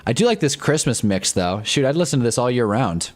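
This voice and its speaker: A man's voice: mid-range voice, big pitch swings, brisk. Exasperated young man on a fan stream. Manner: wry, exasperated fan commentary, loose and rambling. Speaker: livestream host reacting to a football game. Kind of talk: casual live commentary and chat. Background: faint music.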